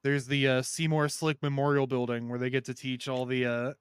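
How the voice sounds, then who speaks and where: Joking man with a smooth voice. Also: medium pitch, little pitch movement, normal speed, dry recording, clean studio sound. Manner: joking, laughs often, puts on goofy voices. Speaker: podcast co-host. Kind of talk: casual comedic movie podcast banter.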